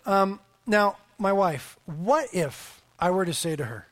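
High-voiced animated man preaching a sermon. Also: slow. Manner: animated storytelling, voice swelling for emphasis. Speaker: pastor.

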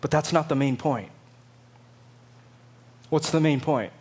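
A man preaching a sermon, emphatic and dramatic, acting out quotes in lively voices. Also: fairly high pitch, slow, husky. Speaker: pastor.

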